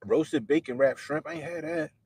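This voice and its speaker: A man's voice: on the high side, huge pitch swings, normal speed, gravelly, darkish tone, breathy edge, no room sound. A man hosting a livestream in a loose, slangy way, talking directly to the people watching. His voice is close and dry, with no room sound around it. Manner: loose, slangy, talks straight to viewers. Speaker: livestream host. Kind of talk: casual livestream chat.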